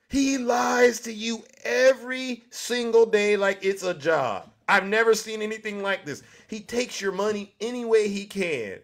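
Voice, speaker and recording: A man with a notably high-pitched voice hosts his show, delivering a scornful monologue. He keeps firing rhetorical questions straight at his listeners. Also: measured pace, few pauses, a bit bright. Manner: mocking, rhetorical questions to the audience. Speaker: show host.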